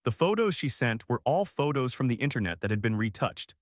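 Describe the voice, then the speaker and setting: A man narrating a storybook with a lively, expressive telling. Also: mid-range voice, a little fast, no echo, studio quality.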